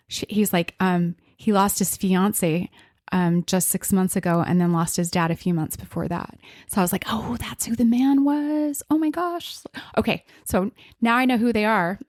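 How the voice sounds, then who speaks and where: Expressive woman telling a story on a podcast. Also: fairly low pitch, moderate pace, no room sound, studio quality. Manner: expressive, acts out quotes, frequent fillers. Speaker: podcast host, medium. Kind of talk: storytelling in casual chat.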